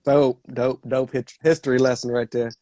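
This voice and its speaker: A man's voice: mid-range voice, little pitch movement, normal speed, mellow, no echo. A man hosting a casual interview who mostly gives short, upbeat reactions. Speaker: interview host.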